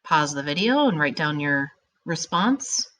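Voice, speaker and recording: Teacher lady doing a grammar video, low-ish voice that swings all over, drawn out words. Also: unhurried. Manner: animated and emphatic, stretching words for students. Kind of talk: recorded grammar lesson for students.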